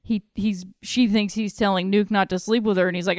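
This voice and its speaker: A woman's voice: medium pitch, steady tone, brisk, hardly any pauses, no echo, studio quality. A woman talking casually about a film, chatty and laughing often, with casual swearing.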